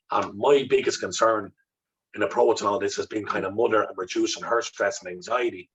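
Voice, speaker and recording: A man's voice: on the low side, fairly even intonation, brisk, dull audio, slight background noise. An Irish man, a guest in an interview, tells a personal story with intensity, swearing freely and acting out remembered dialogue. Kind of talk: candid conversational storytelling.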